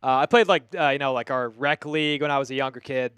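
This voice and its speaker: A man's voice: medium pitch, fairly even intonation, fast, fairly bright tone, clear, resonant tone, dry recording, soft background music. A man from Long Island hosting a live football watch-party stream, calling plays and chatting casually with viewers. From Long Island, New York. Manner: casual, chatty, reads viewer messages aloud. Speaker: livestream host. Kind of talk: live game watch-party commentary with chat.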